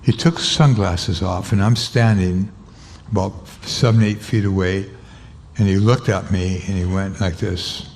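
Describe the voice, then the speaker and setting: An older man, an interview guest, telling a personal story and acting out the dialogue with sudden jumps in pitch. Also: steady tone, unhurried, gravelly, a little mellow, slight background noise. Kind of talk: storytelling anecdote.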